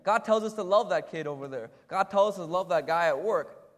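A man's voice: high voice, fairly quick, a bit bright. A man preaching a sermon in a church hall, talking conversationally and asking the congregation rhetorical questions. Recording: echoey hall with long reverb.

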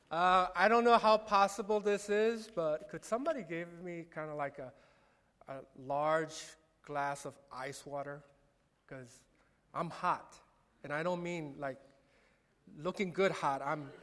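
A man preaches a relaxed, self-deprecating sermon as pastor. His voice sits high for a man. It rings with the long reverb of a church sanctuary. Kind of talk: sermon with personal story. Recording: echoey hall reverb.

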